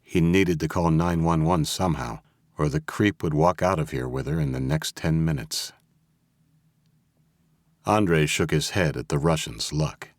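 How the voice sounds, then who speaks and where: Very deep-voiced male narrator. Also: unhurried, vocal fry, no echo. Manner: steady, even storytelling. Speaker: audiobook narrator. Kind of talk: scripted narration. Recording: dry close studio audio.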